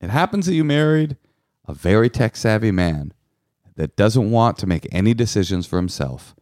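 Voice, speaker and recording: Lively teasing middle-aged man, podcast co-host. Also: normal speed, no echo, clean studio sound. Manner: playful teasing, lively swings in pitch. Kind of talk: joking podcast banter.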